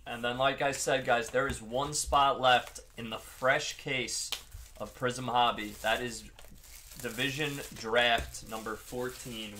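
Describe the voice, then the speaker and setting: A young man with a Long Island accent hosts a live stream as he rips card packs, chummy and casual, calling out to viewers by name. His voice is bright and forward. There is faint noise behind him. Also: medium pitch. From Long Island, New York. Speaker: card break host.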